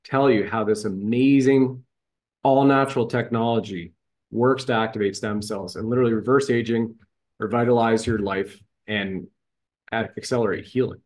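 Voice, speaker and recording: A man's voice: on the low side, fairly even intonation, normal speed. A man hosting a podcast interview, effusive and full of praise, often restarting his sentences. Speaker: show host.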